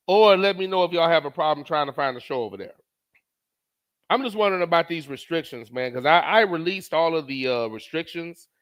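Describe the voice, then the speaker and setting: Animated high-voiced man streaming. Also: smooth. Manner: laughing, animated, repeats phrases. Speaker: streamer host. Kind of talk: casual live-stream commentary.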